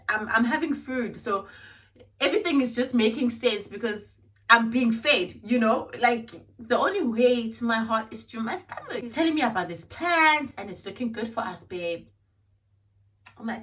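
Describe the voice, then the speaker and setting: This young vlogger from South Africa has a slightly high voice, a South African accent, and a moderate pace, and she sits far from the mic. Her storytime vlog is dramatic and animated, and she mixes Zulu and Xhosa phrases into her English.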